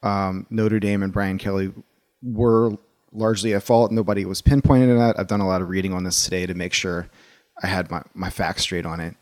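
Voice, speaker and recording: A man's voice: deep voice, flat delivery, brisk, darkish tone, no room sound, studio quality. A man co-hosting a sports podcast, talking in a casual, opinionated and rambling way, with frequent restarts.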